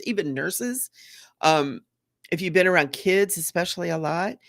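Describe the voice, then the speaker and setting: On a casual live stream, a middle-aged woman working as a psychic medium greets viewers and talks earnestly and chattily, with fillers and restarts. Her voice sits on the low side and is creaky. The recording is dry and studio quality.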